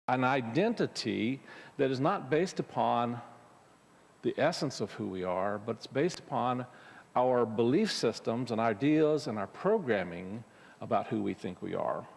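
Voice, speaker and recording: A man's voice: medium pitch, animated, measured pace, creaky. A man giving a conversational spiritual talk to a congregation as their minister, often restarting his sentences and using fillers. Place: church sanctuary. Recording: long hall reverb.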